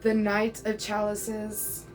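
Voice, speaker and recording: This tarot reader is a woman in her thirties whose medium-pitched voice stays monotone as she speaks slowly over faint background music. The low-quality recording captures her casual, chatty, reassuring reading, full of frequent check-ins and the occasional "bro."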